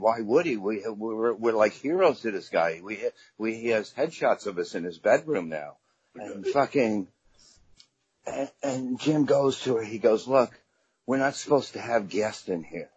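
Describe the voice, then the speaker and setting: A middle-aged comedian from Staten Island, New York, guests on a casual podcast chat, spinning rambling, profane anecdotes. His fairly low voice has a darkish tone and a breathy edge, with no room sound, on a dull lo-fi recording.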